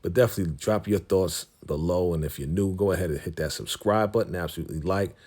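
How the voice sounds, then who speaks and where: Deep-voiced man recapping a TV episode. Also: fast, darkish tone. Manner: street slang, retells scenes with quoted lines; addresses viewers as family. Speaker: YouTube TV recap host.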